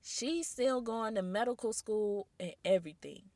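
A woman's voice: on the high side, moderate pace, dry recording. A woman giving casual commentary to her audience, talking to them directly and tossing out rhetorical questions. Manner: animated, addresses audience directly; rhetorical questions, incredulous asides.

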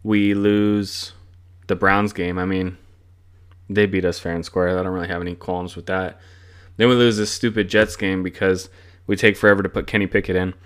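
A man's voice: deep voice, little pitch movement, normal speed, smooth. A young man hosting a sports podcast, ranting casually and profanely about his team's losses. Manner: frustrated, profane, rambling.

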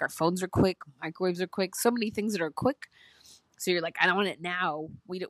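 Woman, podcast host, earnest, rambling, slightly low voice, dry close sound. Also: husky, dry recording. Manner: emotional, earnest, rambling with restarts. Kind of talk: heartfelt casual talk.

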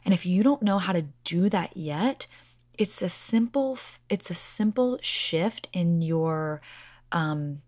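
A woman with a low voice speaks directly to her viewers in a casual, heartfelt way. She is earnest and circles back on her own phrases. Her voice sounds dry and close, with no room around it. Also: animated, slow pace, a little mellow, no echo. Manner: earnest, repeats "like I said".

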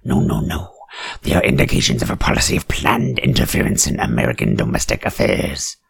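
Male satirist, raspy low voice, wildly swinging pitch, dry close sound. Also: fairly quick, dry recording. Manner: deadpan reading broken by shrill outbursts. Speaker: satirical commentator. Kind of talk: sarcastic reading with mock-outraged asides.

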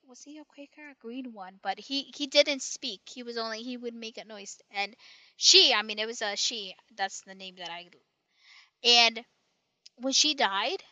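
A woman's voice: on the high side, sharp tone, dry recording. A woman in casual chat, telling a long rambling story full of restarts and tag questions.

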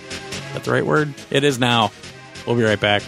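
A man's voice: medium pitch, normal speed, vocal fry, over loud music. A man hosting a podcast, giving a casual, rambling game review with sarcastic asides and many restarts. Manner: rambling, sarcastic, self-correcting. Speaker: podcast host.

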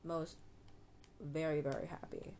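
A woman's voice: low-pitched, little pitch movement, mellow. A woman hosting a casual solo podcast, giving English tips in a rambling, giggly way and stopping herself often. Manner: rambling, giggly, self-interrupting; playful, drawn-out name demonstrations.

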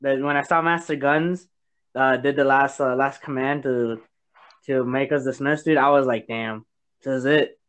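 A man's voice: mid-range voice, fairly even intonation, moderate pace, fairly bright tone. Blunt young guy venting on a podcast. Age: young adult. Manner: blunt, swearing, slangy. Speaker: podcast guest. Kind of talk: casual podcast chat.

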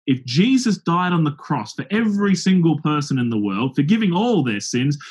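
A man voicing a cocky adult male street heckler, arrogant and showy, a bit higher than his own voice. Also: very animated, normal speed, darkish tone, husky. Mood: smug. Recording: dull lo-fi sound.

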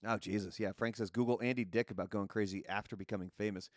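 A man's voice: lowish voice, steady tone, fast talker, no echo, clean studio sound. A man hosting a casual news commentary show, chatty and opinionated. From United States. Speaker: host.

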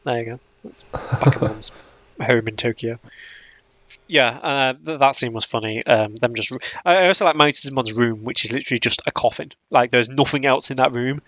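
A man's voice: mid-range voice, fairly quick, fairly bright tone, no room sound. A man chatting casually on a podcast, laughing often and rambling with restarts. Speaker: podcast host.

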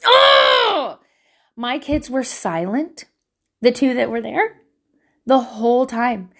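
A woman in her thirties chatting casually to camera at home, animated and swearing, acting out voices as she tells stories. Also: fairly high pitch, takes it slowly. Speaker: vlogger giving life advice.

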